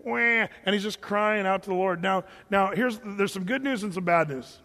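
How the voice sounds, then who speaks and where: A man teaching through a Bible chapter as a pastor, conversational and animated, acting out the quotes. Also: high voice, normal speed. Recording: long hall reverb.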